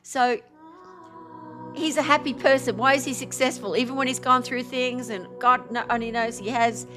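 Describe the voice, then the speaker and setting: Bubbly high-voiced woman leading meditation. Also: fairly even intonation, moderate pace, over music. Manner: bubbly and effusive, laughs often. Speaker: host of an online spiritual event. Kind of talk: guided meditation and livestream chat.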